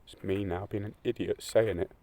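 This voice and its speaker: A man crying through a rambling, emotional monologue, swearing often and swinging between loud outbursts and hushed, near-whispered lines. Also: lowish voice, fairly even intonation, moderate pace, slight background noise.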